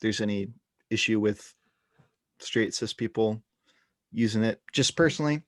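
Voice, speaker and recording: A man with a fairly low voice talks in a casual roundtable, sounding tired and circling back through his sentences. The recording is dry and close. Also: completely flat delivery, measured pace, dry recording. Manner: tired, rambling with restarts. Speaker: podcast guest.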